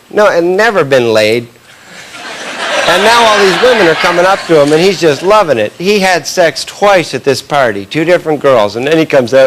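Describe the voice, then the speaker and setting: A man from Canada doing a stand-up comedy set, telling stories and acting out the people in them with quick quoted lines. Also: mid-range voice. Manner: storytelling, acts out characters in quick quotes. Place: comedy club stage with audience laughter. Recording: live club recording with background noise.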